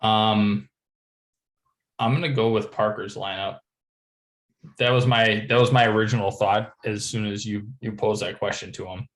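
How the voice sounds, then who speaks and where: A man co-hosting a casual football podcast, making his case in a deliberate, opinionated way and repeating his points. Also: lowish voice, steady tone, a bit bright. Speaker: podcast co-host. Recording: echoey room.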